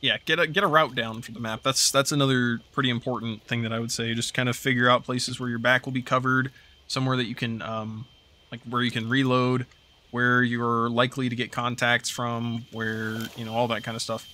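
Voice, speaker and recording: A man's voice: medium pitch, brisk. A man giving casual, rambling commentary over a game he is playing, with plenty of fillers. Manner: relaxed rambling with frequent fillers. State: hiccups. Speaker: gaming YouTuber.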